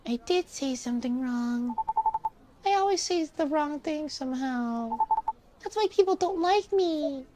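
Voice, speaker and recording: A high, bright little girl of about nine, shy and quick to doubt herself, as a woman puts on a kid voice. Her lines bounce up and down in pitch. A steady hiss of noise sits under the recording. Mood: insecure. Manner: high childlike voice, timid and self-doubting.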